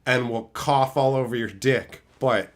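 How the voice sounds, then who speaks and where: A man streaming, answering his chat and telling stories in a loud, profane, laugh-filled way. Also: mid-range voice, unhurried. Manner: animated, profane storytelling with frequent laughter. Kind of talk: casual livestream chat.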